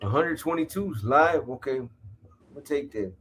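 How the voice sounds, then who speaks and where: Male podcast host, relaxed, conversational backchanneling. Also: on the high side, measured pace, a little hiss or hum. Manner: laid-back, short agreeing replies. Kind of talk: casual chat.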